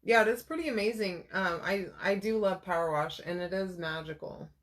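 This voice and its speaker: A woman's voice: fairly low pitch, moderate pace. A woman in her thirties chatting casually while crafting, telling rambling personal stories with lots of fillers. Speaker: crafter vlogger.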